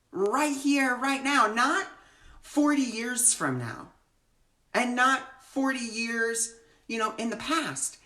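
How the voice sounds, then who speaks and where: A woman's voice: medium pitch, fairly bright tone, echoey room. A woman who gives readings, speaking earnestly in a live-streamed spiritual talk with flowing, repeated phrases. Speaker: spiritual teacher and reader.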